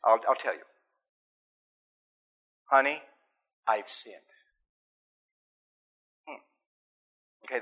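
A man preaching a sermon, earnest, dropping to soft asides and rising to loud emphasis, sometimes acting out sheepish little examples. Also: a little high, breathy edge. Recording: dull lo-fi sermon recording.

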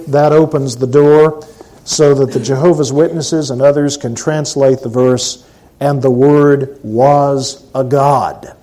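A man preaching a sermon, emphatic and deliberate, repeating key phrases slowly for stress and at times dropping to a hushed delivery. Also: medium pitch, low-quality recording.

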